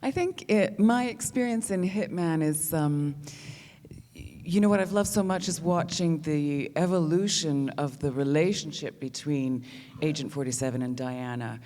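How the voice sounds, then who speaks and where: A woman answering thoughtfully as a panel guest, measured and pausing to restart. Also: sits low, warm tone, big-room sound.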